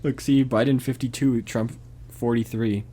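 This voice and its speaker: A man's voice: medium pitch, level tone, normal speed, warm tone. A man co-hosting a casual podcast chat, laughing often and joking around. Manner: giggly, laughs often, jokey and silly. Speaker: podcast co-host.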